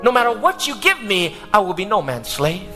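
A man's voice: high-pitched, sing-song, moderate pace, bright, forceful tone, soft background music, exaggerated voice. A man preaching, voicing a strong young male slave in a sermon story with defiant, declaiming lines. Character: big strong young male slave, stubborn then devoted.

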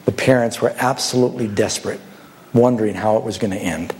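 A man's voice: fairly low pitch, a little fast, a little mellow. A man preaching a sermon, telling stories and asking the congregation rhetorical questions.

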